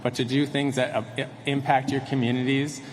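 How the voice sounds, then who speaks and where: A man's voice: mid-range voice, level tone, a little fast. A man who runs a restaurant giving an earnest acceptance speech, with some restarts. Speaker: restaurant owner accepting an award. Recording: reverberant hall with faint noise.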